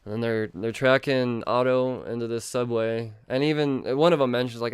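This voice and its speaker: Man, podcast host, excitable and foul-mouthed; smooth, resonant voice recorded dry and close. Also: medium pitch, normal speed, hardly any pauses, dry recording. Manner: profane, excitable, rambling. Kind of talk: casual comic book review.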